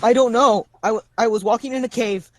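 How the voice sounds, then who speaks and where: A man's voice: very high voice, fairly quick, voice pushed up. A man voicing a panicked young human shade, a dead man lost in darkness, pleading and stammering. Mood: desperate.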